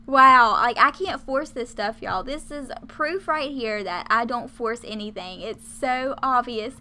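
A woman hosting a gaming video, chatting excitedly and gushing over what happens on screen. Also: fairly high pitch, a little slow, a little hiss or hum. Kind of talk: excited game commentary.

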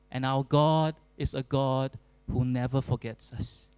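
Male pastor, earnest sermon delivery, unhurried and deliberate. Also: mid-range voice, fairly even intonation, a little mellow, clear, resonant tone, dry recording, poor audio. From Singapore. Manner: earnest, deliberate preaching with emphatic repetition.

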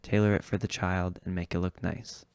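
A man's voice: low voice, level tone, moderate pace, darkish tone, clean tone, no room sound, clean studio sound. A man voicing a bossy, fussy drag queen. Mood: commanding. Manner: fussy, commanding.

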